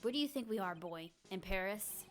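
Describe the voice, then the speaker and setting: A woman's voice: medium pitch, animated, fairly quick, soft background music, close to an everyday voice. A woman doing a grouchy old grandpa. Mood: grumbling. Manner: gruff, indignant ranting. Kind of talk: video game dialogue read aloud.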